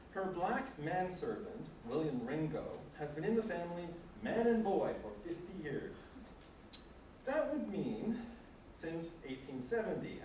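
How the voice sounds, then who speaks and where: Animated male lecturer with wry asides, recorded far off in an echoey room, faint noise. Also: fairly high pitch. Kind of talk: lecture with read passages. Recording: echoey room, distant mic.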